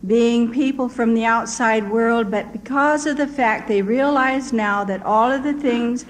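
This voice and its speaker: A woman's voice: on the high side, measured pace, low-quality recording. An older woman, a missionary, telling her story in an earnest, vivid way. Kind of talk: storytelling testimony.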